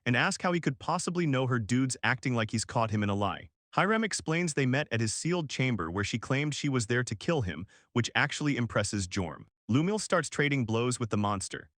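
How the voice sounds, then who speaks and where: A man narrating a comic story recap in a casual, slangy, brisk scripted style. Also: medium pitch, sing-song, a bit bright, no room sound, clean studio sound.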